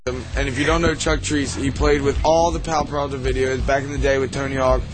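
A man's voice: mid-range voice, flat delivery, brisk. A man in casual chat, telling rambling stories full of swearing and "dude". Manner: rambling, profane, says "dude" constantly. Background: music.

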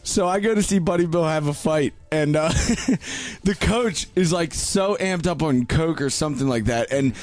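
A man's voice: a little high, normal speed. A male radio host chatting casually and profanely between laughs, with faint music behind.

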